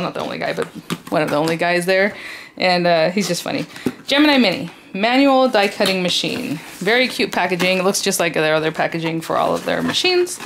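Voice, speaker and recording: A woman's voice: lowish voice, creaky, noisy background. A woman chatting casually while unboxing craft supplies, rambling and enthusiastic with lots of fillers. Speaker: crafting YouTuber.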